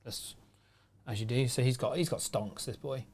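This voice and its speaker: A man's voice: mid-range voice, moderate pace, vocal fry, a little mellow. A man playing a tabletop wargame on a live stream, wry and teasing as he explains his moves. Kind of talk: casual banter while playing a tabletop game.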